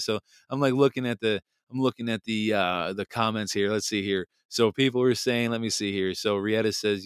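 Male podcast host, conversational and animated, reads aloud, dry close-mic recording. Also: on the low side, normal speed, few pauses, smooth, no room sound. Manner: chatty and animated, laughs often, reads aloud. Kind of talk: casual livestream chat, reading comments and history text.

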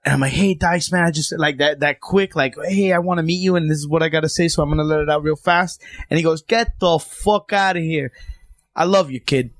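Male comic, slightly high voice, dry room, eager profane chatter. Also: steady tone, fast, vocal fry, a bit bright, no room sound. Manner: eager, profane, fan-like storytelling. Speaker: stand-up comic. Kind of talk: casual chat.

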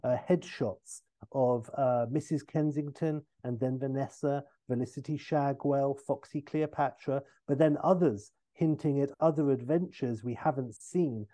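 A man hosting a podcast, telling a comic film pitch in a rambling way with fillers and self-corrections. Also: a little slow, dark tone.

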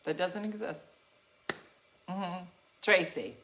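A middle-aged woman telling a story to her livestream viewers in an animated, sassy way, laughing often. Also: fairly low pitch, takes it slowly, noisy background. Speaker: livestream host.

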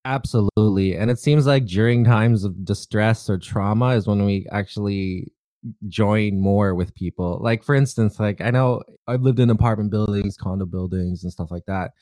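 A man's voice: fairly low pitch, moderate pace, mellow, no room sound, clean studio sound. A man hosting a casual interview, talking in a rambling way with many fillers. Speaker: host.

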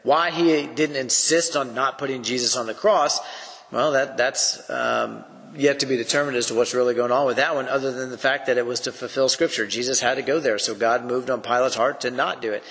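A man's voice: medium pitch, fairly even intonation, brisk, a bit bright, long reverb tail. A man teaching through a Bible passage on a podcast. He speaks earnestly in a preacherly way and poses rhetorical questions.

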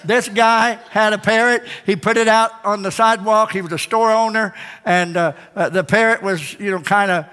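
Pastor, male, slightly high voice, emphatic folksy preaching; echoey sanctuary. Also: fairly even intonation, moderate pace, hardly any pauses, bright, forceful tone, smooth. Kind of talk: sermon. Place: church sanctuary. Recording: echoey church hall.

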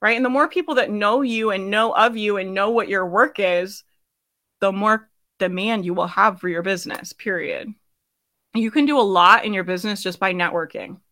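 A woman's voice: mid-range voice, pushed and bright. A young woman hosting a live business coaching session, talking casually and emphatically, often asking "right?" and laughing. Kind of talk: casual motivational coaching talk.

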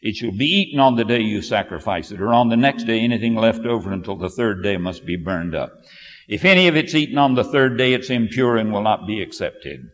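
A man preaching a sermon and reading scripture, with emphatic, forceful declarations. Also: lowish voice, a little fast, lo-fi sound. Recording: reverberant hall.

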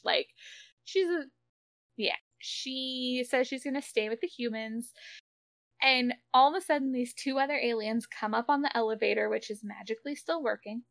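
A woman co-hosting a podcast, recapping an episode in casual chat, animated and swearing freely. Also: on the high side, gravelly, no echo. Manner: animated, swears casually, quick asides and laughs. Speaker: podcast co-host.

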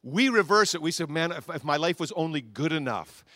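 A man preaching from the pulpit, his voice sitting a little high for a man. He drives his points home with repetition and calls the congregation to say lines back. The sound is dry and close, with little room echo. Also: lively intonation, a little fast, bright, forceful tone. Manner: emphatic, repetitive, leads congregation call-and-response. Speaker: pastor. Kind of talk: sermon.

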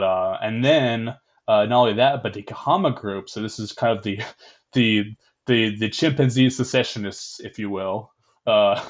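Young male podcast host, fairly low voice, loose and rambling, quick to laugh. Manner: rambling, laughs often, swears casually. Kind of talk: casual history podcast chat.

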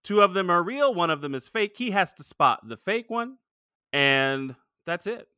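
A man's voice: high-pitched, sing-song, normal speed, sharp tone, clear, resonant tone, no echo, clean studio sound. A man in his forties co-hosting a podcast in casual, joking chat and laughing often. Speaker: podcast co-host.

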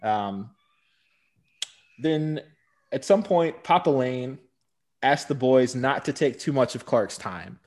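A man's voice: mid-range voice, animated, slow, pauses often, darkish tone. A man co-hosting a podcast, recapping a TV episode in casual chat and often agreeing with "right". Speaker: podcast co-host.

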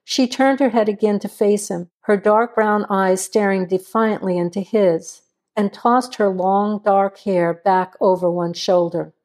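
Woman narrator for a crime story, measured read, dark mellow tone. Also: mid-range voice, steady tone.

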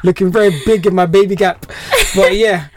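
A man's voice: high voice, steady tone, a little fast, background noise. A man co-hosting a podcast in casual, playful chat. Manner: playful, teasing banter. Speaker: podcast co-host.

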